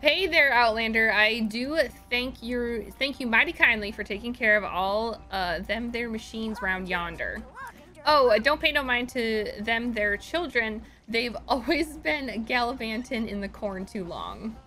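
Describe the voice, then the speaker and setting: A woman's voice: fairly high pitch, sing-song, quick pace, few pauses, bright, forceful tone, faint music behind. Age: older. Figure: a woman doing a drawling old farmer. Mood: friendly. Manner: drawling, with rustic slang. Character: folksy old country farmer man.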